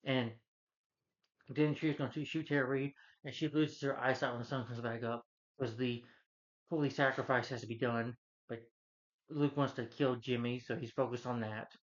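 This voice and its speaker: A man talking through a movie review in a loose, rambling rant, heavy on fillers, restarts and swearing. His voice sits at a middle pitch. The recording is a little dull and lo-fi. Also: fairly even intonation, normal speed. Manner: rambling, casual and profane, with many fillers. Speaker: film reviewer.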